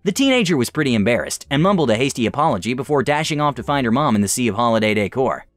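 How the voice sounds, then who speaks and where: Animated young man reading stories. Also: medium pitch, racing, no echo, soft background music. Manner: animated, expressive storytelling. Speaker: story reader. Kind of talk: reading online stories aloud.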